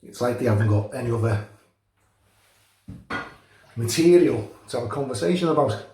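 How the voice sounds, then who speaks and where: A man's voice: medium pitch, expressive, normal speed, warm tone. A middle-aged man from North West England with a Liverpool accent, chatting and joking casually while he shaves. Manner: chatty, jokey storytelling with chuckles. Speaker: shaving channel host. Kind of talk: casual chat while shaving. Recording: echoey room.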